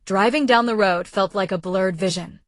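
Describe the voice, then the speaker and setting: A woman narrating a translated web novel as an audiobook, reading in an even, steady manner. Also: medium pitch, normal speed, no room sound.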